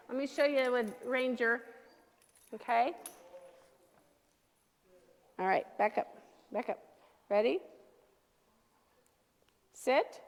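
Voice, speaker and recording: High-voiced woman coaching a dog class. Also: gravelly, in a large hall. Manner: coaching, checks in with frequent "okay?". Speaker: dog trainer. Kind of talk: teaching a dog training class.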